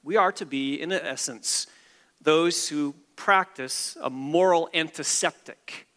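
A man's voice: a little high, takes it slowly, a bit bright, big-room sound. A man preaching a sermon as a pastor, emphatic and repeating key phrases for stress.

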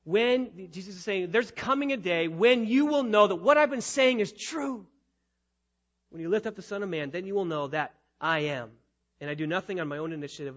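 A man preaching a sermon as a pastor, emphatic, repeating phrases and building to loud climaxes. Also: on the high side, highs cut off.

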